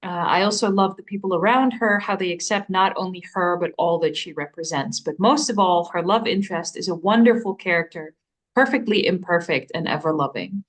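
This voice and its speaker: A young adult woman co-hosting a casual bookstore chat, easygoing and quick to laugh. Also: fairly low pitch. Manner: easygoing, quick to laugh, reads a recommendation aloud. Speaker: bookstore staff co-host.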